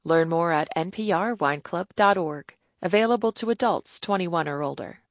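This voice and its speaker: A woman announcer reading sponsor credits in a crisp, even way. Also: lowish voice, moderate pace, dry recording, clean studio sound.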